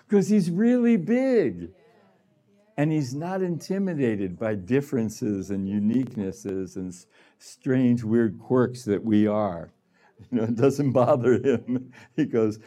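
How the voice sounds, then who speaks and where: A man's voice: mid-range voice, animated, slow pace, long pauses, warm tone. A man giving a conversational sermon to a gathering, laughing often and acting out little voices. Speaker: healing room director speaking.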